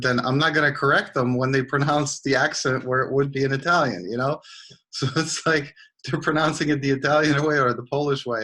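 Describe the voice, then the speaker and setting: Brief: man, mid pitch, bright tense tone, relaxed explainer. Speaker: participant in an online gathering. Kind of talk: casual explanation.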